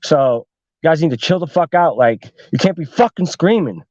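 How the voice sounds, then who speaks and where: A man's voice: a little high, lively intonation, moderate pace, darkish tone, dry recording, muffled recording. A man voicing an angry young man scolding his friends in a harsh, profane way.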